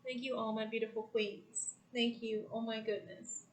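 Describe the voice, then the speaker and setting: A woman's voice: fairly high pitch, steady tone, moderate pace, rough recording. A woman hosting a casual spiritual chat on a video call, effusive, heartfelt and emotional as she closes the show. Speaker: host.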